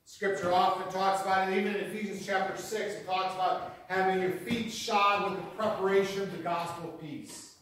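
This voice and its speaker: A pastor preaching a sermon in an earnest teaching manner, repeating key phrases for emphasis. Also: male voice, high voice, fairly even intonation, a little fast, hardly any pauses, fairly bright tone, slight background noise. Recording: very echoey hall, mic far off.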